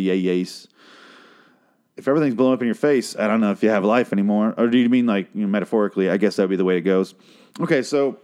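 A man's voice: on the low side, animated, quick pace, a little mellow. Sarcastic, swearing man ranting. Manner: sarcastic, profane, rambling with restarts. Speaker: comedian host. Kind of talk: comedic rant, casual monologue.

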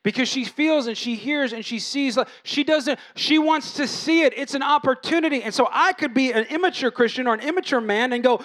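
A man's voice: very high voice, fast, hardly any pauses. A man, a pastor, preaching a casual, conversational sermon that is full of asides, repeated words and acted-out quotes. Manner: conversational, animated, acts out quoted voices.

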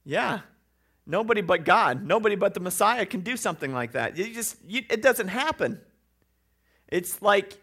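A male preacher delivers a sermon in a relaxed, conversational style, tossing in rhetorical questions and playful asides. His voice sits a bit high for a man, with a gravelly edge and a bright, forward tone. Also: slow, long pauses. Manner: acts out quoted voices.

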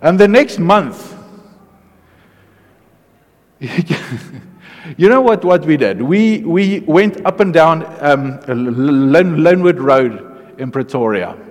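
A man preaching a testimony sermon, telling his story in an animated way, dropping to a hush and then rising to loud excitement. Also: on the high side, slow. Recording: long hall reverb.

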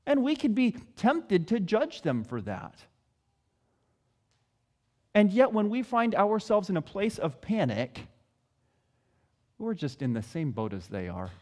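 A man preaching a sermon, telling the story with expressive delivery. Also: high-pitched, takes it slowly, long pauses.

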